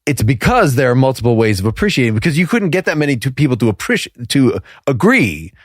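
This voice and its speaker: A man's voice: medium pitch, big pitch swings, fast, dry recording, studio quality. A man co-hosting a podcast in casual talk, musing aloud and laughing between thoughts. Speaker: podcast co-host.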